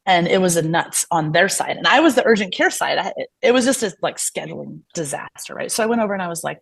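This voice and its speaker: A woman's voice: lowish voice, brisk, gravelly, slightly rough. A woman physician being interviewed on a podcast, chatting candidly and acting out the exchanges she retells. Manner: chatty, acts out quoted exchanges; frequent fillers and restarts, candid. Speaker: physician guest. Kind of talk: casual podcast storytelling.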